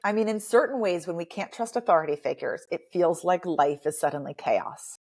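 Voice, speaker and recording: A woman dialect coach and author talking as a guest in a podcast interview, animated and emphatic, with playful asides. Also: on the low side, brisk.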